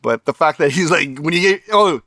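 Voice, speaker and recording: A man's voice: on the high side, expressive, brisk, sharp tone, dry recording, studio quality. A man vlogging, telling a story to camera in a wry, sarcastic way and laughing as he goes.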